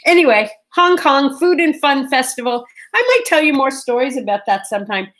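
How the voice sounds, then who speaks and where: Middle-aged woman hosting a morning vlog, chatty and animated, pitched a bit high. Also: moderate pace. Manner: chatty, animated, talks straight to viewers. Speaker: vlog host. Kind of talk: casual storytelling chat.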